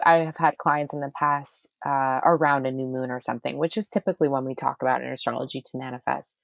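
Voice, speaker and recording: A woman's voice: low-pitched, gravelly, dry recording. A woman who is a manifestation coach and astrologer, talking emphatically in a casual podcast conversation and repeating phrases for effect.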